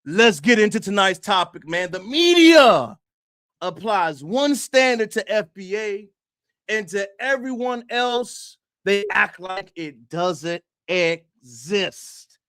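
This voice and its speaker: A high-pitched man hosts an opinionated livestream, talking straight to his viewers. He hammers points with rhetorical questions and repeated phrases and sometimes breaks into a shout. The sound is dry and close, with no room echo. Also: expressive, slow, clean tone. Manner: emphatic, rhetorical questions, addresses viewers directly. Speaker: livestream host.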